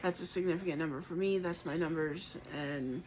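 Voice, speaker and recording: Woman doing a spiritual tarot reading, lowish voice, gentle and encouraging, lots of ums and pauses, bit of faint hiss. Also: rough recording. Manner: gentle, encouraging and reflective, with many pauses and fillers; emotional at times. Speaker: tarot reader.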